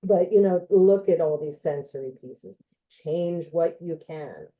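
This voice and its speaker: An occupational therapist with a low voice gives a relaxed educational talk at a slow, gentle pace. Her delivery is conversational and full of ums and you-knows, and the sound is thin and tinny, like a phone or online call.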